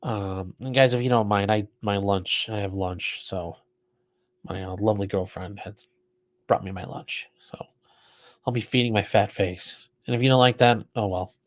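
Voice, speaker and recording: A man's voice: on the low side, normal speed. Blunt, profane male livestream host. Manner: blunt and profane, chatty asides. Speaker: livestream host commenting on a trial. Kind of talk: casual live commentary, reading chat.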